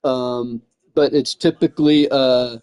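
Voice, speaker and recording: A man's voice: mid-range voice, fairly even intonation, slow, darkish tone, clear, resonant tone, no room sound. Rambling, profane guy. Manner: rambling, profane, says "man" and "dude" a lot. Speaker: gaming streamer. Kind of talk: casual rambling chat.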